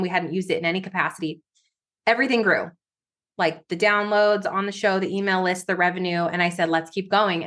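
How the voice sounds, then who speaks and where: A woman's voice: medium pitch, a bit bright. A woman guest on an interview podcast, a business coach telling her story in an emphatic, conversational way with vivid examples.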